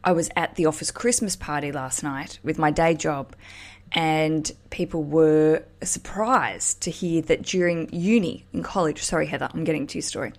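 A woman hosting a podcast, answering callers with playful, teasing, chatty asides. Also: sits low. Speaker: podcast host. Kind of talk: casual podcast chat.

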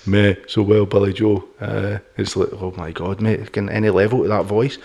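A man's voice: fairly low pitch, fairly even intonation, moderate pace, gravelly, mellow. Blunt, sweary man chatting. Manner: blunt, sweary, opinionated, laughs often. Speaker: podcast host. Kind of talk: casual podcast chat.

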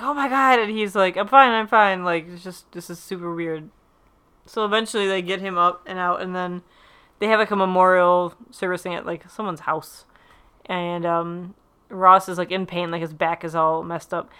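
A young woman chats through an episode recap, rambling and filling her sentences with "like." Her voice is bright and crisp. She sits a little low in pitch for a woman. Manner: rambling, many "like"s, acts out quotes. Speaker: podcast co-host. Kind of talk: casual recap chat.

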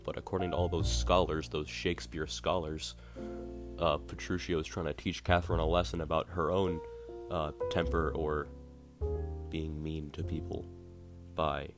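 A man casually retelling a play in a rambling, wry way, often correcting himself. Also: low voice. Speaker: podcast host. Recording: guitar music playing behind.

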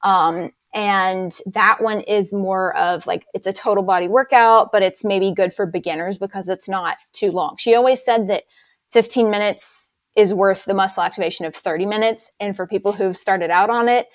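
A woman's voice: medium pitch, normal speed, no room sound. Woman, fitness instructor, enthusiastic, explanatory, dry close sound. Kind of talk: casual interview.

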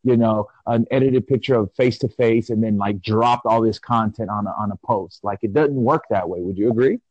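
A man's voice: lowish voice, a little mellow, no room sound. Rambling man in his forties, muffled audio. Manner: reflective and rambling, with drawn-out pauses. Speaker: podcast co-host. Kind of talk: casual chat. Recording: dull lo-fi audio.

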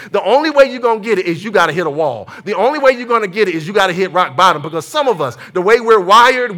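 A preacher man delivers an animated sermon, telling stories and calling for amens. His voice sits high and rings bright and forceful, and he speaks. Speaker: pastor.

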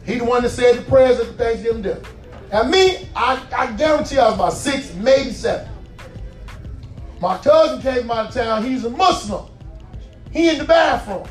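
A man in his forties telling a profane stand-up story, animated and laughing as he goes. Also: very high voice. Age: 40s. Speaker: stand-up comedian. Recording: roomy hall, distant mic, faint music.

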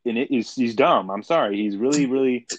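A man's voice: medium pitch, brisk, no echo. Blunt young man with dull lo-fi sound. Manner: blunt, opinionated, slangy. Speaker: podcast co-host. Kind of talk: casual chat.

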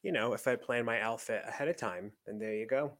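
A man's voice: mid-range voice, a little fast, fairly bright tone. A man co-hosting a podcast, teasing and coaxing his friend in casual chat, often laughing. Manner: teasing, persuasive, giggly. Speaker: podcast co-host.

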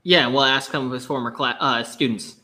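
Bright-voiced joking man co-host. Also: medium pitch, steady tone, fairly quick. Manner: easygoing, joking, stumbles over words. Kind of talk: casual podcast chat.

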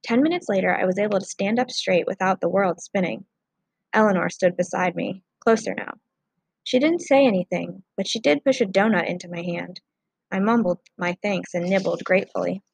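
A woman's voice: medium pitch, fairly quick, gravelly, husky, no room sound, poor audio. A woman narrating a first-person children's story in an audiobook.

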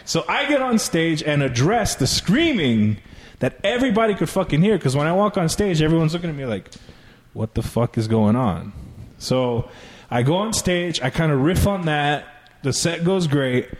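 Profane, fast-telling comedian, higher voice. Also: male voice. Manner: profane, animated, laughing through the tale. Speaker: comedian and podcast co-host. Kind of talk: casual storytelling.

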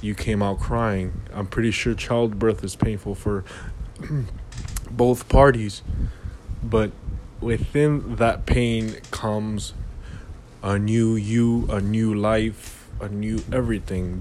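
A man's voice: lowish voice, darkish tone, a little hiss or hum. A man hosting a casual motivational monologue, rambling and philosophical, with lots of "you know".

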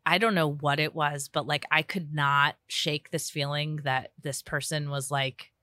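A woman's voice: low voice, steady tone, unhurried, bright, forceful tone, no echo. A young adult woman, a therapist guest, talking candidly in a casual chat with lots of fillers and restarts. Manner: chatty, self-deprecating, many fillers and restarts.

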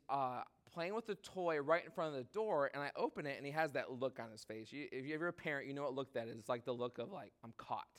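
A man in his thirties preaching a sermon in a casual, animated way, full of "like" and asides to the congregation. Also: a little high. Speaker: pastor.

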